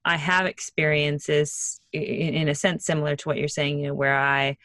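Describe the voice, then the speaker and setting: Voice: mid-range voice, flat delivery, normal speed, bright, forceful tone. A podcast host talks in a conversational way, asking thoughtful questions and sharing their own experiences. The voice sits in the middle range and sounds dry, with no room echo. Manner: thoughtful, relates personal experience. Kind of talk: conversational interview.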